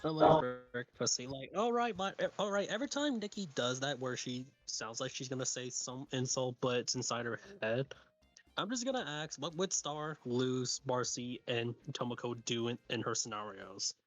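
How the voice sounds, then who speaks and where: A man's voice: mid-range voice, lively intonation, normal speed, faint music behind. A man commenting on a book reading with friends, butting in with joking asides. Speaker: co-host commentator. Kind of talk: comedic group book reading.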